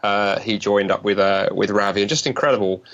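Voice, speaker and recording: Fast-talking British man, muffled line. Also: fairly low pitch. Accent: British English. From London, England. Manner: fast, lively, joking, many restarts. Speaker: guest speaker. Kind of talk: podcast interview.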